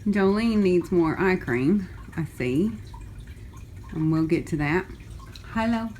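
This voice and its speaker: A woman's voice: lowish voice, animated, takes it slowly, warm tone, slight background noise, low-quality recording. A woman chatting casually as she films kittens in a foster room, often cooing and baby-talking to them. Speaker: cat fosterer filming a vlog. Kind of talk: casual vlog chat. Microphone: handheld camera.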